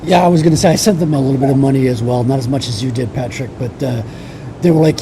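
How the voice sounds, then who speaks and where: Mellow-voiced guy on a stream, a bit of noise behind him, keeps hedging. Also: medium pitch, quick pace, creaky. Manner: hesitant storytelling, hedging. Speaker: podcast co-host. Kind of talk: casual livestream chat.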